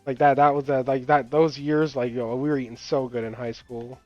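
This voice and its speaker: His mid-range voice is warm, fairly quick and shows little pitch movement, with no echo. A young gaming channel host, he plays while telling rambling, filler-heavy, profane stories and laughing, on a dull, dry lo-fi mic with game music underneath.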